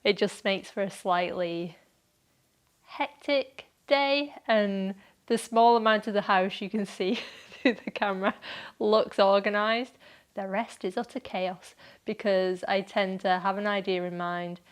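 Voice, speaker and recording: A woman's voice: medium pitch, steady tone, a little slow, clear, resonant tone. A woman hosting her own podcast from home, chatting casually and laughing at herself often. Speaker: podcast host. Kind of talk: casual solo podcast chat.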